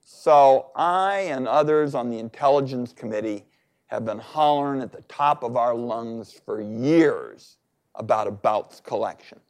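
A man's voice: medium pitch, a little slow. A man speaking as a senator on a public panel, talking in an emphatic, insistent way. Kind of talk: panel discussion.

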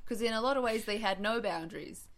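A woman's voice: medium pitch, noisy background. Woman from Australia telling dry stories. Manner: dry storytelling with laughs. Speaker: podcast guest. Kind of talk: casual chat.

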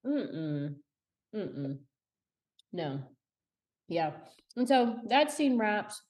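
A woman's voice: medium pitch, big pitch swings, drawn-out words, darkish tone. A woman co-hosting a podcast, trading blunt, dry, profane remarks in casual chat. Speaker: podcast co-host.

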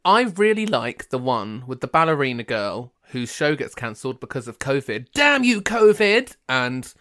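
A man's voice: medium pitch, lively intonation, moderate pace, sharp tone, no room sound, studio quality. A man co-hosting a casual comedy podcast, giggly and a bit tipsy, often repeating himself. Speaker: podcast co-host.

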